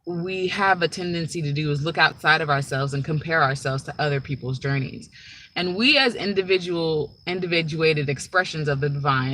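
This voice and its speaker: A woman's voice: low voice, a bit bright, a little hiss or hum, low-quality recording. A woman speaking as a spiritual teacher in a casual, rambling monologue, often checking in with "right?" and "like".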